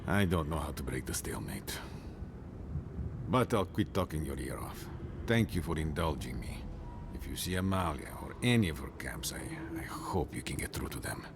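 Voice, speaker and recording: Tired warden captain in a video game, super deep voice, grave and measured, noise behind. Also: male voice, creaky, full character voice. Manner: solemn, measured, drops to near-whisper at line ends. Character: weary male warden captain bound by oath.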